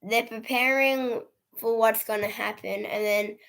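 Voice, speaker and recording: A woman hosts a casual livestream movie recap, with a higher voice and an unhurried pace. She is chatty and laughs often, briefly acting out the characters' lines as she retells the scenes. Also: steady tone, gravelly, fairly bright tone. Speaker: movie reviewer.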